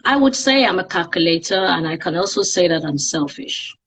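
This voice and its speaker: A woman's voice: on the low side, lively intonation, fairly quick, fairly bright tone, slight background noise. A woman with a Nigerian accent, a guest on a live-streamed interview, talking candidly and reflectively about her life. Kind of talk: casual interview on a social media live stream.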